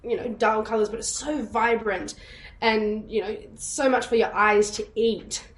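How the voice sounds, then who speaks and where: A young woman, a musical theatre actress, telling stories with bubbly excitement and frequent laughs over a video call. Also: a little high, a little slow. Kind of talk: casual interview chat.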